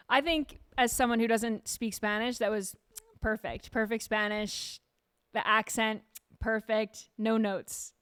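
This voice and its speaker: A woman hosts a casual news commentary show. She is animated and sarcastic, and she fires off rhetorical questions in a smooth, resonant voice that sits fairly high. The sound is close and dry. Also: unhurried, no room sound. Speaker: show host.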